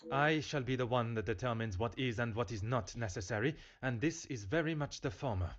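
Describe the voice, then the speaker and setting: An actor playing a fussy, formal Belgian detective in a game. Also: male voice, medium pitch, fairly quick, slight background noise, close to an everyday voice. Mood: stern. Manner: formal, precise and stern. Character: fussy middle-aged male Belgian detective. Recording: dull lo-fi game audio.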